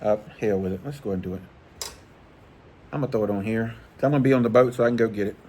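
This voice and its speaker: A man's voice: lowish voice, rapid-fire, a little mellow, a little hiss or hum. A middle-aged man, chatting casually and profanely about fishing gear. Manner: rambling, profane, laid-back, chuckling. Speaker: fishing channel host. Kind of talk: casual vlog chat.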